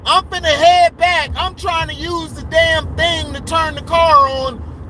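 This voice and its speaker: A man's voice: very high-pitched, steady tone, a little slow, noisy background. A man from Florida venting in a heated, slangy rant to his live viewers from his car. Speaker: vlogger. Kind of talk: casual ranting vlog.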